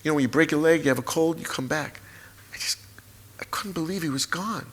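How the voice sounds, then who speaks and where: A memoir author in his sixties, with a slightly high, husky voice, tells a personal story at a live talk event. His telling is halting and repetitive, and he is openly emotional.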